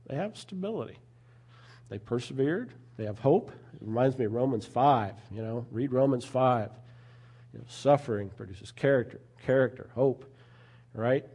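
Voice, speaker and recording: A man's voice: medium pitch, animated, normal speed, warm tone, husky. A man preaching a sermon in an earnest, conversational way, often adding asides to his listeners.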